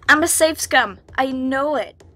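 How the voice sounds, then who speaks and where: A woman's voice: sits high, unhurried, pushed and bright, soft background music. A woman playing through a visual novel, reading it aloud and breaking into giggly, chatty asides. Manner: giggly, chatty asides between read lines. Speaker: let's-play gamer.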